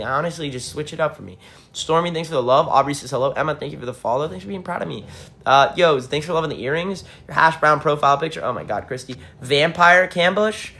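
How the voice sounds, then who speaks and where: A young man, a band frontman, chatting casually with fans on a livestream, excitable and swearing, jumping from topic to topic. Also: medium pitch. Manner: excitable, swearing, hype-driven, jumps between topics. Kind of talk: casual livestream chat with viewers.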